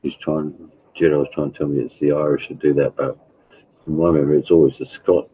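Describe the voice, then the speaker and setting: A man with a rumbling, very low voice and a rough, husky edge chats loosely with his viewers and greets them by name. His sound comes through thin and narrow, like a phone line, and he talks from home. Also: level tone, fairly quick. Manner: rambling, addresses chatters by name. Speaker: livestreamer. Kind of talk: casual chat with live viewers.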